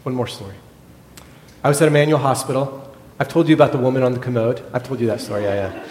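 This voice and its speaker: A middle-aged man preaching a sermon, telling a hospital story in a lively way and acting out the other people's lines. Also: fast talker. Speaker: pastor, former hospital chaplain. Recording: echoey hall with a faint rumble.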